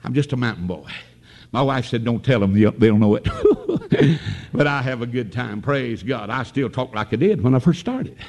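Shouting Appalachian mountain preacher. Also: male voice, mid-range voice, huge pitch swings, moderate pace. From North Carolina mountains. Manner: folksy storytelling, breaking into shouted preaching. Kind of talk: revival sermon.

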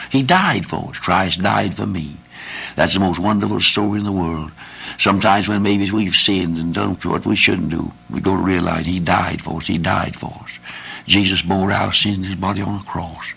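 Gravelly-voiced older man preaching. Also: fairly low pitch, fairly bright tone. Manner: folksy, repetitive preaching with rhetorical questions. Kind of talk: sermon.

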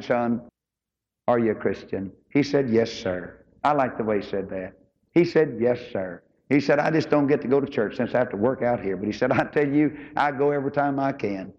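A man preaching a folksy sermon as pastor, rising high and slow when he quotes scripture. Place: church auditorium. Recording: dull recording in a large reverberant hall.

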